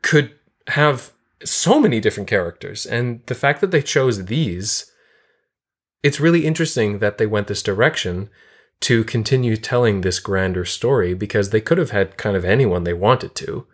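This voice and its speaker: A woman's voice: rumbling low, expressive, moderate pace, husky. A woman co-hosting a casual chat about a film, explaining at length with enthusiasm. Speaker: podcast co-host. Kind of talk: casual movie discussion.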